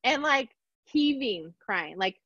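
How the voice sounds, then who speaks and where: A middle-aged woman telling a personal story in conversation, animated and acting out the voices of others, laughing often. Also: fairly high pitch, slow pace, husky, no echo. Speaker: podcast guest. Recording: dull, dry sound.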